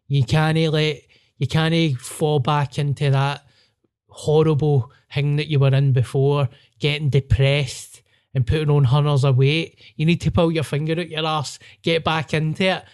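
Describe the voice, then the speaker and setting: A comedian telling sweary, laughing stories in a casual podcast chat. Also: male voice, fairly high pitch, level tone, unhurried, darkish tone, smooth.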